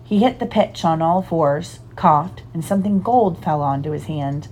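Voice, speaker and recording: Storybook reader: woman, slightly low voice, animated and expressive delivery. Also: normal speed, breathy edge. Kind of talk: reading a storybook aloud.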